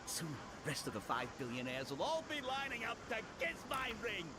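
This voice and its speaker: An actor playing a boastful rich man with a thick tough-guy accent, every emphasized word landing deliberately, in game audio. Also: high-pitched, huge pitch swings. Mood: swaggering. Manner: emphatic, intentional delivery. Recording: game audio with background noise.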